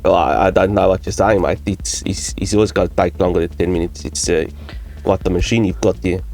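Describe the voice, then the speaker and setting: A man doing a gruff space mechanic. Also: deep voice, fairly even intonation, brisk, a little mellow, soft background music, pitched below the performer's own voice. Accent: Australian-style put-on. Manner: blunt, says "mate".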